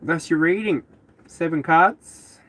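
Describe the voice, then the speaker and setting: A man's voice: a little high, takes it slowly, fairly bright tone. A man hosting a live tarot reading stream, chatting casually with viewers, rambling and laughing often. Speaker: tarot reader.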